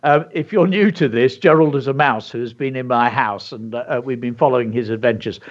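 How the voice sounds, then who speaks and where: A man co-hosts a children's show, chatting educationally in an enthusiastic, teacherly manner and stressing his words carefully. His mid-range voice moves briskly, and the recording has a dull lo-fi sound.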